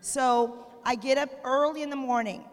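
A woman's voice: sits high, fairly even intonation, moderate pace. A woman from Arizona telling a funny, self-mocking story to a church gathering, with a long hall reverb on her voice. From Arizona, USA. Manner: chatty, self-mocking humor. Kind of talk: casual storytelling to a congregation.

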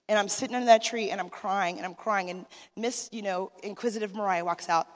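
A woman's voice: mid-range voice, fairly even intonation, fairly quick, few pauses. A woman giving an emotional sermon testimony as a minister's wife, talking straight to the listeners. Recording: long hall reverb.

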